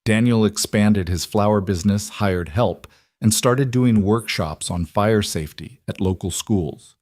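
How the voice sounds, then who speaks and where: A man with a low voice narrates a story in a steady, measured read. The sound is dry and close, with no room around it. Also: no echo.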